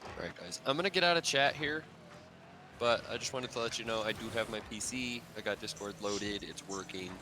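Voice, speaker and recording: A man's voice: lowish voice, a little fast, noisy background. A man streaming a game, rambling playfully with his teammates over voice chat. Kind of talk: casual gaming chat. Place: at home on a PC.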